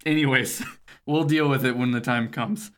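A man's voice: mid-range voice, steady tone, normal speed, fairly bright tone. A man co-hosting a podcast, recapping a video game's story in casual chat, rambling, swearing and laughing often. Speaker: podcast co-host.

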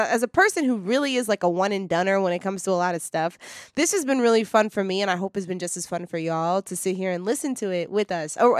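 A woman's voice: medium pitch, no echo, clean studio sound. A woman co-hosting a podcast in casual chat, rambling, laughing often and slipping into mock outrage. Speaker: podcast co-host.

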